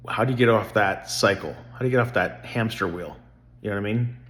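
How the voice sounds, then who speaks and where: A man's voice: on the low side, brisk, fairly bright tone. A middle-aged man rambling earnestly about faith and family in a casual vlog. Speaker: vlogger.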